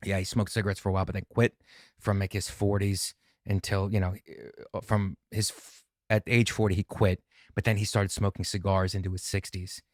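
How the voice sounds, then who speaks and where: A man, a comedian guest, in casual chat, speaking haltingly and repeating phrases as he talks about something personal. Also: deep voice, flat delivery, no echo, clean studio sound.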